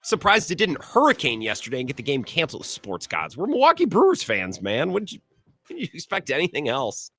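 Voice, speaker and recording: A man hosting a sports talk radio show, giving opinionated takes in a sarcastic, animated way. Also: on the high side, soft background music. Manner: animated, sarcastic, quick asides.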